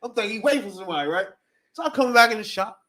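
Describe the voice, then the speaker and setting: Animated high-voiced man telling a story. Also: racing. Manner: animated storytelling, shouts and laughs while acting out quotes. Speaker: podcast co-host. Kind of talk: casual podcast chat.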